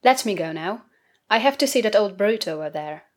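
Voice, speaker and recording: A woman's voice: mid-range voice, animated, normal speed, close to an everyday voice. A woman voicing a hearty grown man in a storybook reading, jovial and teasing in his greetings. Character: hearty, boisterous grown man, dusty rider.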